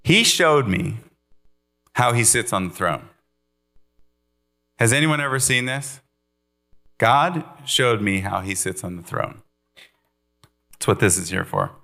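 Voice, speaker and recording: A man preaching an earnest, animated sermon with playful asides. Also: fairly low pitch, takes it slowly, gravelly, long pauses.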